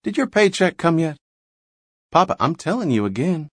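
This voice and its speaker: Man putting on a high, nagging old housewife, sharp-tongued, lively swings, dry close sound, audiobook. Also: normal speed, dry recording. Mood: scolding. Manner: scolding, nagging. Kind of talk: audiobook character reading.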